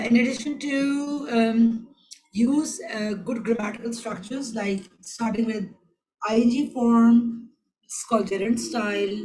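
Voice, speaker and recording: A woman's voice: medium pitch, darkish tone, rough recording. A woman who teaches IELTS. She lectures an online class in an instructive tone and slips into Hindi phrases.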